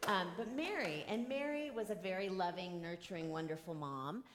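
A woman in her forties with a somewhat low voice leads a children's sermon. She speaks gently and keeps asking the children simple questions to draw them in. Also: normal speed. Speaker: children's message leader.

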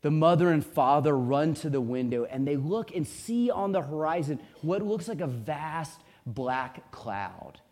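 A man preaching a sermon, telling a story in a measured, vivid way with dramatic pauses. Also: a little high, sing-song, a little mellow. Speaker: pastor.

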